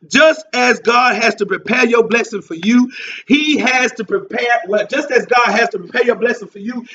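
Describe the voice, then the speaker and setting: A male pastor preaching a sermon, shouting emphatic lines and drawing responses from the listeners. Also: extremely high pitch, moderate pace, a little hiss or hum. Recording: distant mic, dull lo-fi sound.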